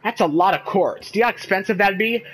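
A man playing a game and role-playing along, exasperated and animated. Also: sits high, fast, husky. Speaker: gaming video creator.

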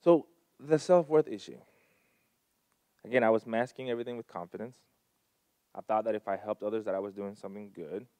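A man's voice: fairly low pitch, fairly quick, pauses often, no room sound. A man speaking earnestly to a live audience, telling personal stories in a heartfelt, emphatic way. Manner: earnest, storytelling, emphatic swings in loudness. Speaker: speaker at a community gathering.

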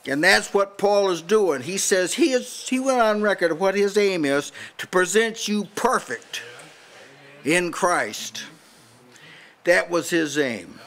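A man's voice: sits high, expressive, slow pace, fairly bright tone. An older man preaching a sermon at a house church meeting, emphatic and challenging, often restarting his sentences.

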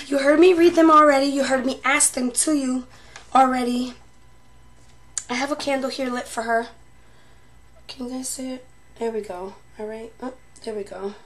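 A woman vlogger chatting emotionally to her viewers and calling them "babes", while she is losing her voice. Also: fairly high pitch. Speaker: paranormal vlogger. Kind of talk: casual chat to viewers.

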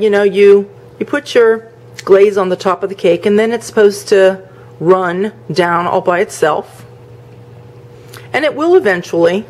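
A woman's voice: mid-range voice, darkish tone. A woman from the northern United States hosting a home cooking video, chatting casually as she demonstrates a recipe, with fillers and rambling asides.

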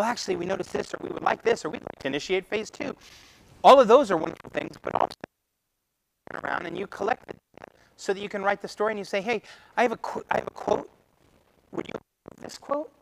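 A man with a high, gravelly voice gives a live talk at a meetup. He speaks in an animated way and acts out back-and-forth conversations with clients. A faint hiss runs underneath. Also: low-quality recording. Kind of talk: live presentation to a meetup audience. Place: meetup room.

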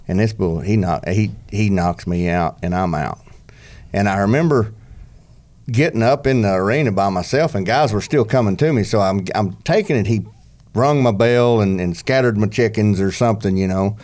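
Low-voiced man spinning a rodeo yarn. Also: normal speed, a little mellow. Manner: rambling storyteller with restarts, country slang. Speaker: guest, former pro bull rider. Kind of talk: casual storytelling on a podcast.

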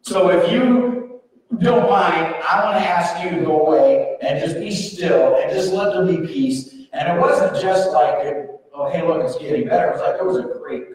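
A man's voice: high-pitched, expressive, normal speed, a little mellow. A man preaching a sermon as pastor, telling the story in a folksy, humorous way and acting out the voices. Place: church sanctuary. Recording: echoey hall, mic far off.

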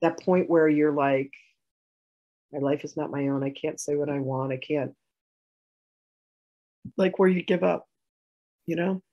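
A woman telling a personal story in a healing session, animated, acting out arguments and laughing. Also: deep voice, a little slow, long pauses, highs cut off.

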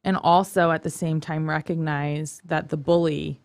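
A woman's voice: low-pitched, little pitch movement, normal speed, no echo, studio quality. A woman guest on a talk show, speaking about the topic in an earnest, reflective way. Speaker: guest from a youth commission. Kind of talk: casual talk show chat.

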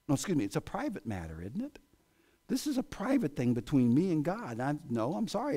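Male pastor, American, slightly high voice, lively dynamic sermon delivery. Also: a little fast. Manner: animated preaching, voice swinging from loud exclamations to hushed asides. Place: church sanctuary.

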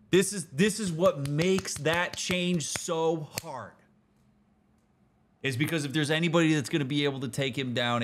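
A man giving casual, animated let's-play commentary as a therapist, talking in slang with restarts and leaping into excited outbursts. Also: mid-range voice. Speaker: therapist commenting on a video game.

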